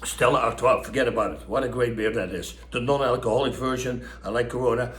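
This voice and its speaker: A middle-aged man with a Dutch accent telling a story casually and animatedly, acting out what people said. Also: fast. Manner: animated, acts out quotes with raised pitch. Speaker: storyteller host. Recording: echoey room.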